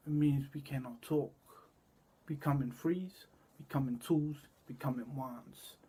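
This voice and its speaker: A man talking in a rambling, disjointed monologue that jumps between loud and quiet passages and repeats itself. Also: mid-range voice, steady tone, unhurried, husky.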